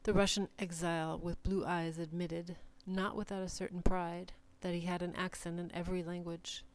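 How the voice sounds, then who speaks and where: A woman giving a measured, deliberate reading of short numbered literary passages. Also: lowish voice, flat delivery. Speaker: reader.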